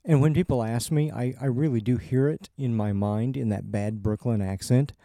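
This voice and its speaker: A man hosting a podcast, explaining in an unhurried way with small restarts. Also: medium pitch, creaky, warm tone, no echo, clean studio sound. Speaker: podcast host. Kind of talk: casual podcast chat and explainer.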